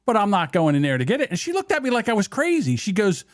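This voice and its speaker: A man co-hosting a podcast, with a voice a bit higher than most men's. His pitch swings widely as he tells a story, and he laughs and swears as he goes. The sound is dry and close, with little room echo. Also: sing-song, quick pace, few pauses. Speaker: podcast co-host. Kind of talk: casual chat.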